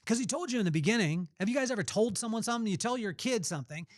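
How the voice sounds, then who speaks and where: A high-pitched, expressive podcast host races through a faith-based motivational talk, captured in a dry, clean studio recording. His style is conversational, with phrases repeated for emphasis.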